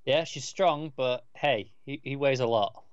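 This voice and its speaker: A man's voice: medium pitch, unhurried, clean tone, no echo. A man co-hosting a podcast, chatting casually and wryly, chiming in with corrections. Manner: relaxed, wry, chimes in with corrections. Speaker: podcast co-host. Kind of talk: casual chat. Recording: slightly dull lo-fi mic.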